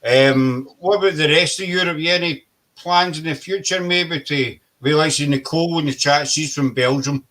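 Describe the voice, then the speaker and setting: A man's voice: fairly high pitch, moderate pace, a bit bright. Hesitant male interview host. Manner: hesitant, many fillers and restarts. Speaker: podcast host. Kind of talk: casual interview questions.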